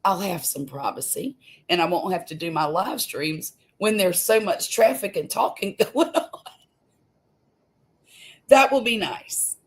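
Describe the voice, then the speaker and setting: A woman from the US Gulf Coast hosts a homey, chatty live stream from a room in her home, her lowish voice animated and moving at a moderate pace. She laughs easily and trails off into fillers as she chats casually.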